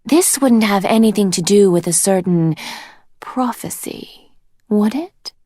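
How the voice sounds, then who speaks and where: A woman's voice: mid-range voice, expressive, unhurried, a bit bright, dry recording, studio quality, pitched above the performer's own voice. A woman voicing a cruel, teasing female dragon queen from a storybook, mocking and drawn out. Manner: mocking, sing-song and drawn out.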